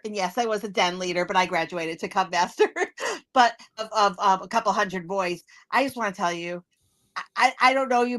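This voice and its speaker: A woman's voice: a little high, a bit bright, no echo. A woman hosting a podcast, speaking in an effusive, heartfelt and teary way. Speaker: podcast host. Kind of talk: interview, heartfelt address.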